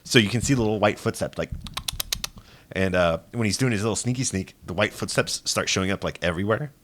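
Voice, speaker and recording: A man co-hosting a casual gaming podcast, excitable and swearing a lot, laughing as he tells stories. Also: on the low side, fast talker. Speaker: podcast co-host.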